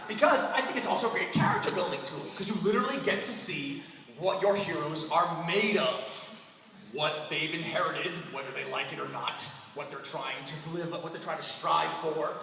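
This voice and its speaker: A man in his fifties hosting a comedic writing panel at a convention, acting out squeaky comic voices. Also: moderate pace. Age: 50s. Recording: echoey hall from far off with loud noise.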